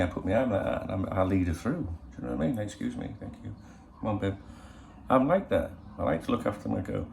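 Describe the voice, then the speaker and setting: A middle-aged man with a low, gravelly voice chats casually to his viewers. He rambles on in a cheeky, profane way, as the regular host of his own channel. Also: a little mellow, a little hiss or hum. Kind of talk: casual chat. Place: in Spain.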